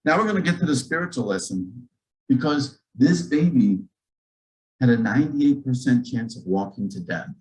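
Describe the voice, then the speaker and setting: A man, a physician, telling a story to a church gathering in a lively, joking way, acting out the dialogue. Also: mid-range voice, moderate pace, rough recording. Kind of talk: storytelling talk to a church audience. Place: church auditorium.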